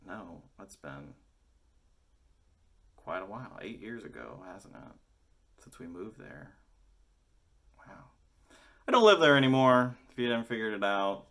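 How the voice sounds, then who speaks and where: A man's voice: fairly low pitch, sing-song, measured pace, long pauses, fairly bright tone. A young man chatting casually and rambling to his viewers, joking and swearing as he wanders off topic. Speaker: musician vlogger. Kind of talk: casual rambling chat to camera.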